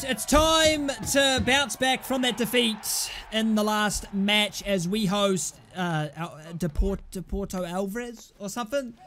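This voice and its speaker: A young man with a British accent commentates his own football video game as he plays. He talks in a fairly high voice, gets loud and excitable, and swears and yells at his teammates. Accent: British English. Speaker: gaming YouTuber. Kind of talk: live gameplay commentary.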